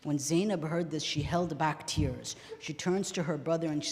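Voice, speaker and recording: A man preaching a mourning sermon, swinging between hushed recital and loud, emotional outbursts. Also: a little high, normal speed, few pauses, long reverb tail, slight background noise. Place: large hall.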